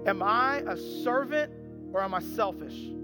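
Preaching at a measured pace in a high-pitched, expressive voice, this pastor is earnest and emphatic. He acts out voices he quotes and repeats phrases for stress, recorded in a reverberant church sanctuary with band music.

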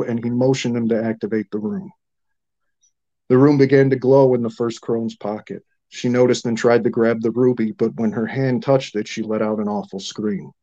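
A man narrating a fantasy story in a steady, measured reading. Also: medium pitch, lo-fi sound.

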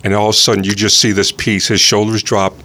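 A man's voice: on the low side, flat delivery, quick pace, sharp tone. A middle-aged man, a pastor and coach, telling an earnest story in casual conversation, often repeating words as he starts.

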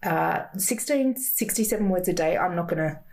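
A woman's voice: on the low side, expressive, moderate pace, a little mellow. A woman co-hosting a casual chat, rambling and self-interrupting, with frequent swearing. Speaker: podcast co-host.

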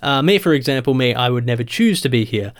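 A man delivering a satirical stand-up monologue, listing mock statistics in a dry, sarcastic, deadpan way. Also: medium pitch, fast. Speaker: comedian.

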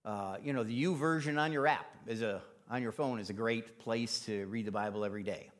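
A man's voice: lowish voice, a little fast. A man preaching a casual, conversational sermon in church, using plenty of fillers. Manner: casual, chatty, with many fillers.

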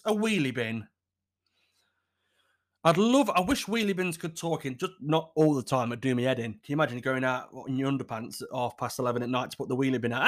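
Animated, sweary podcast host. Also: male voice, mid-range voice, brisk. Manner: animated, swears freely, laughs often. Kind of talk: casual solo podcast chat.

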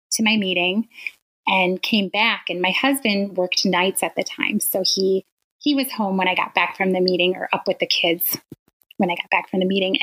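Woman, forties, from Wisconsin, teacher, interview guest, bright clear tone, earnest, laughs often. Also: medium pitch, rough recording. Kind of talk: casual interview conversation.

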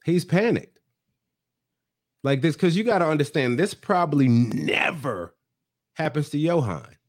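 A man's voice: on the high side, sing-song, measured pace. A man co-hosting a casual podcast, recapping a reality show and acting out other people's lines in shifting voices. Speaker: podcast co-host.

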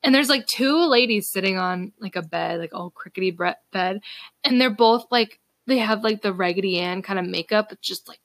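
A woman's voice: mid-range voice, normal speed, a bit bright, no echo. Giggly young woman losing her voice. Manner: giggly and chatty. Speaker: podcast co-host. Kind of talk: casual chat.

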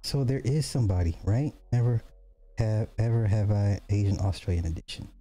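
A man hosting a podcast, giving casual reaction commentary with excitable, joking asides. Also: lowish voice, moderate pace. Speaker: podcast host reacting to videos.

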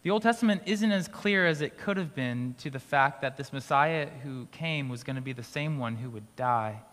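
Male pastor, mid-pitched, relaxed conversational sermon, recorded with long hall reverb. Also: normal speed. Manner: conversational preaching with restarts and light laughs. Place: school auditorium used for church gathering.

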